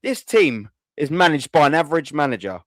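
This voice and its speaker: A man's voice: on the high side, big pitch swings, a little fast, no room sound. A man, hosting a fan call-in show and ranting furiously, swearing and repeating himself. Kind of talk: angry fan rant.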